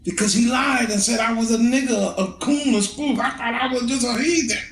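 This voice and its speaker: Impassioned preacher man, high and echoey. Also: fairly quick, a little hiss or hum. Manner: impassioned, shouting and laughing, swings between high and low. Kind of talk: street sermon.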